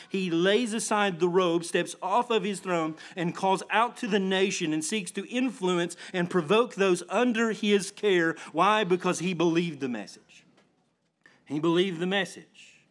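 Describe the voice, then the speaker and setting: Male pastor preaching, highish voice, keeps restarting then hits it hard. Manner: earnest preaching with many restarts and emphatic swells. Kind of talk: sermon.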